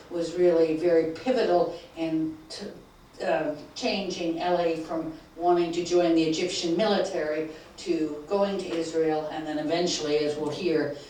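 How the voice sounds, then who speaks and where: A woman's voice: sits low, darkish tone. Woman moderator in an echoey hall. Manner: organized, explanatory. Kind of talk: event moderation. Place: lecture hall. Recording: echoey hall, mic from far off, faint noise.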